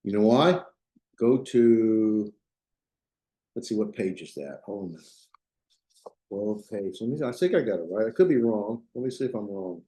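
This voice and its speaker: A man teaching a class in a loose, unpolished way, restarting sentences and checking that students follow. His voice is mellow and relaxed, and it echoes around the room. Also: lowish voice, moderate pace, long pauses. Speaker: Biblical Hebrew teacher. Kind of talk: classroom lecture.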